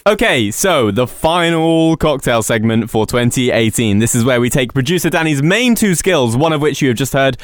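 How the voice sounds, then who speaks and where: A man hosting a radio show, teasing and quick to laugh in casual studio banter. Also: medium pitch, animated.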